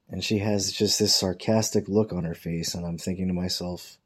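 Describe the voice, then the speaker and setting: Here a husky man with a low voice talks at normal speed in a level tone, barely pausing. The casual workplace tale he tells is profane and meandering, full of mocking impressions of coworkers' dialogue.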